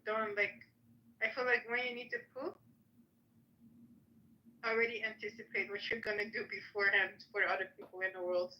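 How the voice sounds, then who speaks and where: A woman co-hosting a podcast, chatting casually and reacting quickly with laughter. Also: mid-range voice, little pitch movement, highs cut off. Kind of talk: casual chat.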